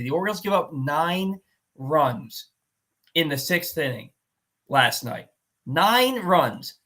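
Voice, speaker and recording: A male sports talk host with a bright, forceful voice set a little high, recounting a game with animated, exasperated energy. He talks casually and restarts his sentences as the story runs on.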